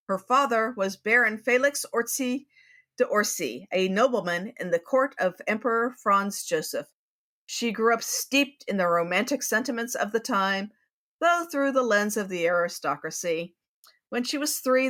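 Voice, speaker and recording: A woman co-hosts a TV recap podcast in a mid-range voice that sounds pushed and bright. She chats casually and laughs a lot, then reads a history segment at a steady pace.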